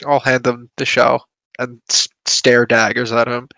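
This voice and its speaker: A man's voice: medium pitch, flat delivery, a little slow, vocal fry, sharp tone, dry recording, low-quality recording. A man playing his character in a tabletop role-playing game, speaking playfully. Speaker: player.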